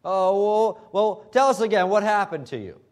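A man's voice: sits high, lively intonation, normal speed. A man voicing startled, indignant religious leaders caught off guard. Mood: flustered. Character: flustered group of religious leaders, male.

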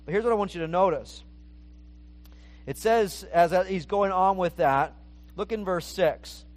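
A man's voice: high-pitched, measured pace. A male pastor preaching an expository sermon, earnest and restarting phrases as he explains the text.

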